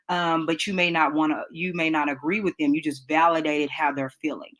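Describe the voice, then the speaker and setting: A woman, a podcast host, teaches a live relationship class in a chatty, direct manner, calling listeners y'all and asking them to type into the chat. Her voice is low and fairly bright, and she speaks a little fast with few pauses.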